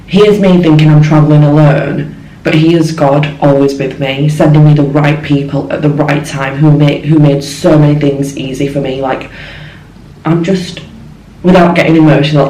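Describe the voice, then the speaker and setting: A woman's voice: deep voice, mellow. A young woman, chatting emotionally and effusively in a casual travel vlog from her hotel room. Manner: chatty, gushing and emotional, lots of fillers. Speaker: vlogger. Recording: echoey room with faint ambience.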